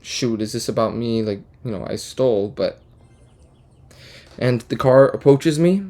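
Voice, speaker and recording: A young man casually telling a rambling, deadpan, absurd story full of fillers and restarts. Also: medium pitch, unhurried. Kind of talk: casual storytime while gaming.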